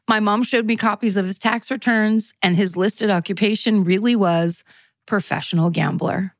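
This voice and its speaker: A woman's voice: mid-range voice, unhurried, no echo. A woman co-hosting a podcast, reading listener letters aloud in casual chat and laughing often between lines. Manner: laughs often while reading, playful asides. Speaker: podcast co-host.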